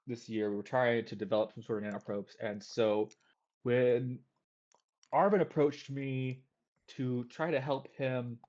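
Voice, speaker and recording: A man's voice: medium pitch, a little mellow, close to an everyday voice. Man voicing a nervous rambling student researcher, tabletop game. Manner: stammering, rambling. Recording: dull lo-fi audio.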